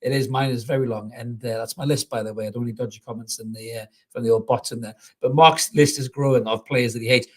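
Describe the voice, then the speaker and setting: A man hosting a live football reaction stream. He talks bluntly and with real passion, swears often and reads out his viewers' comments as he goes. His voice sits at an everyday middle pitch. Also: steady tone, quick pace, few pauses. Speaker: football fan channel host.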